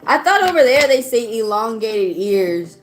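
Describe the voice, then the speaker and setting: A woman's voice: fairly high pitch, very animated, unhurried. A woman with a Southern US accent giving a live-stream tarot reading, chatty and outspoken as she talks straight to her chat. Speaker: tarot reader. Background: faint background music.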